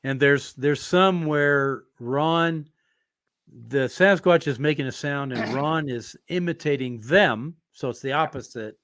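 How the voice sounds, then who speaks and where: A man hosting an interview in a casual, relaxed way, telling stories with drawn-out fillers. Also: on the high side, no echo. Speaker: podcast host.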